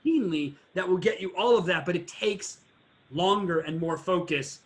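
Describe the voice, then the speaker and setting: A man's voice: sits high, moderate pace. A man hosting a podcast, telling stories animatedly in casual interview chat and swearing freely. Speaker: podcast host.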